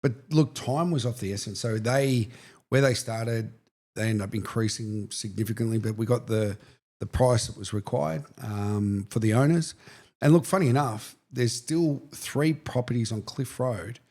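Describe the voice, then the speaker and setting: Australian man, middle-aged, real estate co-host, animated storyteller, says mate a lot. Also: mid-range voice, normal speed. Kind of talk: casual chat, anecdotes.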